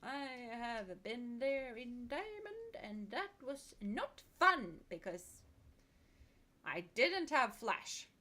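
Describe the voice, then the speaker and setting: A woman's voice: a little high, very animated, slow pace, bright, forceful tone. A woman from Sweden with a Swedish accent, streaming a game and chatting frankly, laughing between remarks. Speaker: VTuber streamer. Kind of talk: casual chat while streaming a game.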